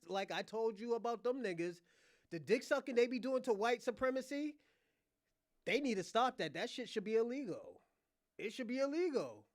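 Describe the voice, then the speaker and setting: A man's voice: very high voice, no room sound, clean studio sound. A man hosting a casual livestream rant, mocking someone, laughing often and repeating himself. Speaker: livestream host.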